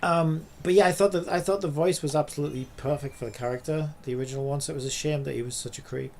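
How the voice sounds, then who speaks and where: A man's voice: fairly high pitch, steady tone, quick pace, creaky. A man streaming a game, chatting casually and rambling with lots of filler words. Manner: rambling, lots of "like" and "you know". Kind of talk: casual commentary while gaming.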